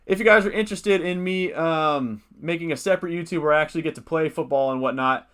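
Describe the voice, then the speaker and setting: A man's voice: on the high side, fast talker, fairly bright tone, clean tone. A man hosting a casual fantasy football livestream. He thinks aloud, reads out viewer comments and uses many fillers.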